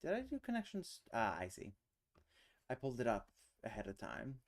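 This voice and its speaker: A man's voice: medium pitch, huge pitch swings, moderate pace, creaky. A man streaming alone, thinking aloud as he works through a word puzzle, muttering and trailing off into questions to himself. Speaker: streamer hosting a casual language chat.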